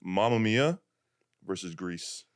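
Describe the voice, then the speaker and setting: A man's voice: low voice, animated, slow, dry recording, studio quality. A young man hosting a podcast in a laid-back, easygoing chat, laughing easily. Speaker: podcast host. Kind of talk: casual chat.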